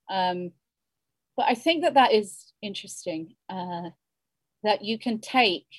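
Appearing as a guest in a reflective interview, this woman novelist in her fifties rambles thoughtfully, frequently starting over. She speaks in a husky mid-range voice, recorded without room sound.

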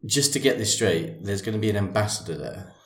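A man's voice: fairly low pitch, animated, fairly quick. A man co-hosting a podcast in casual chat, jokey and playful, laughing a lot. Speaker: podcast co-host. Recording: echoey room.

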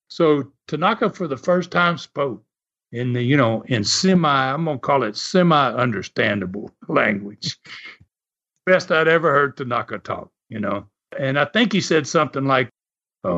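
A man's voice: medium pitch, expressive, normal speed, a bit bright. An older man and former wrestler telling folksy stories in an interview, often chuckling as he talks. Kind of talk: storytelling interview. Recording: muffled recording.

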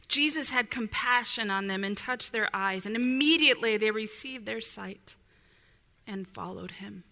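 A woman pastor preaches a fervent sermon, her medium-pitched voice pushed and bright. She swings from impassioned, urgent pleas down to near whispers, and a long hall reverb trails her words.

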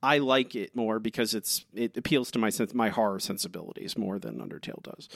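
A man's voice: fairly low pitch, brisk, vocal fry, dry recording, studio quality. A young man co-hosting a podcast, chatting casually and earnestly, often stopping and restarting his sentences. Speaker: podcast co-host. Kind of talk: casual chat.

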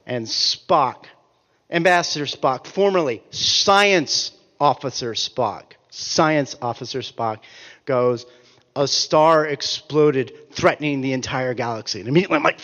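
A man in his forties telling comic stories in an animated, ranting way, swearing and breaking off his own sentences. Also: on the high side, big-room sound, muffled recording. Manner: animated, ranting, profane, self-interrupting. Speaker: author and speaker. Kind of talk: comic storytelling talk.

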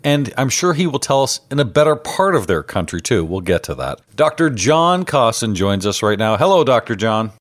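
A man's voice: medium pitch, sing-song, normal speed, few pauses. A man hosting a podcast, chatting casually with an upbeat, joking manner. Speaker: podcast host.

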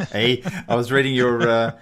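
A man's voice: mid-range voice, little pitch movement, unhurried, fairly bright tone. An Australian man hosting a podcast, chatting casually over a call, laughing often and filling gaps with ums. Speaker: podcast host. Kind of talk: casual interview over Skype. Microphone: remote call recording.

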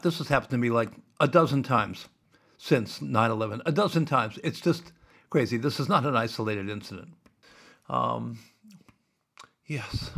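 A man's voice: mid-range voice, vocal fry, a bit bright. A man, hosting a podcast as a rambling solo monologue full of wry asides and digressions. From Iowa, USA. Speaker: podcast host.

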